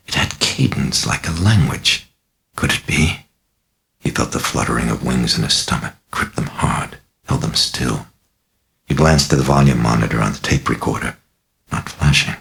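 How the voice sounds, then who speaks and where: A man narrating an audiobook of his own novel with a deliberate, dramatic reading. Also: a bass voice, creaky, a bit bright.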